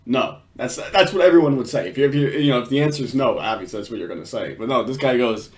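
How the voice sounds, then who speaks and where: A man's voice: mid-range voice, quick pace. A man giving casual, crude commentary on a video, laughing often and swearing. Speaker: commentator reacting to a clip.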